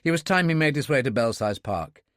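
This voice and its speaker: A man narrating a thriller audiobook in a steady, measured storytelling manner. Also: medium pitch, no echo, clean studio sound. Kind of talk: scripted narration.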